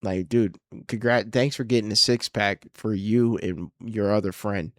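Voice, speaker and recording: A man's voice: lowish voice, fairly even intonation, unhurried, a bit bright, no room sound, studio quality. A young man hosting his own podcast, ranting casually and profanely, rambling and exasperated. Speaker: podcast host and comedian. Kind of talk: casual solo podcast rant.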